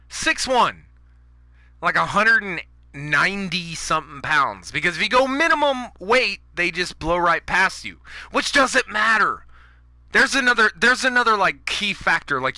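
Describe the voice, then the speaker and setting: A man rants over his gameplay in a bright, piercing voice that sits on the higher side. He swears freely and talks straight at the viewer, and the sound is dry and close. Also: no room sound. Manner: angry, profane ranting. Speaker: gaming YouTuber. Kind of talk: ranting gameplay commentary.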